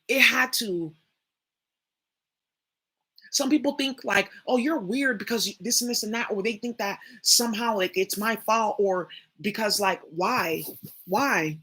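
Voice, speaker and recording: A young woman speaks bluntly and profanely, addressing her viewers head-on in a loose spoken monologue. Her voice sits a little high and sounds bright and sharp. A husky edge runs through it. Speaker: spiritual reader and channel host.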